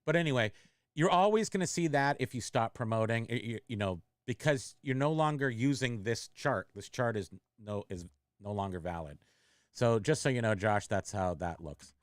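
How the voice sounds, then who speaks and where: A middle-aged man talks loosely on a livestream, trailing off, restarting, and answering chat comments as they come in. His voice is smooth and clear, in the middle of the range for a man. The sound is close and dry. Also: medium pitch, expressive, normal speed, no room sound. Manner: rambling, self-interrupting, reads chat comments aloud. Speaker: online reseller and livestream host.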